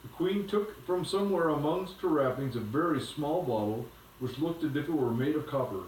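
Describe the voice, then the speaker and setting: A man reading a storybook aloud to a child at home, in a gentle, unhurried way. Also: a little high, expressive, slight background noise. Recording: echoey room from a distance.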